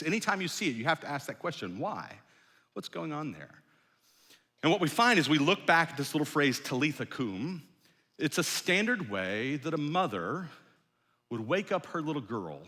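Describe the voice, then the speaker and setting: A man, a pastor, preaching a sermon in a conversational storytelling way that often drops soft and low. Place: large church hall. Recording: long hall reverb.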